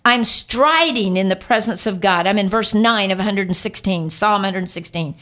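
A woman's voice: mid-range voice, moderate pace, hardly any pauses, a bit bright. A woman preaching a sermon in an earnest, conversational way, stretching out words for emphasis as she reads scripture.

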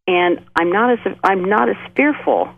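A woman's voice: mid-range voice, animated, gravelly, slight background noise. Earnest woman on a tinny phone line. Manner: earnest, measured, builds repeated phrases. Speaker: co-host of a Christian talk show. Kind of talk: faith talk, testimony.

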